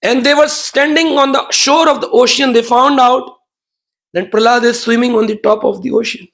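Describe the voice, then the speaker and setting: Male preacher, very high gravelly voice, animated storytelling sermon. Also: moderate pace.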